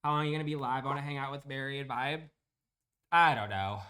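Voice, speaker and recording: A man's voice: mid-range voice, fast talker, sharp tone. A man chatting bluntly and profanely with viewers while streaming a building game. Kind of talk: casual livestream chat.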